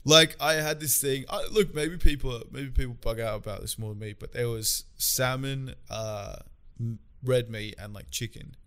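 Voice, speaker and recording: A man in casual chat, blunt, swearing freely and laughing loudly. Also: medium pitch, normal speed, smooth.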